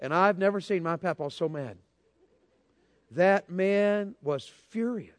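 A man's voice: high-pitched, slow, no room sound. A man preaching a sermon, telling a folksy, joking story and addressing the crowd directly.

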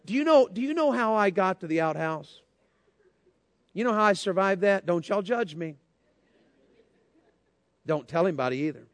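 A man's voice: high-pitched, animated, moderate pace, long pauses, dry recording. A man preaching a sermon, telling a folksy, joking story and addressing the crowd directly.

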